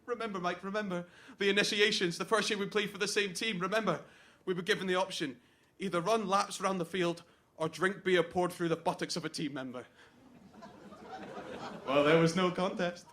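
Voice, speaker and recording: A man's voice: high-pitched, fairly even intonation, fairly quick, a bit bright. A man playing a jealous, crude best man giving a mocking comic wedding toast. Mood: wistful. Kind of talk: comic stage monologue.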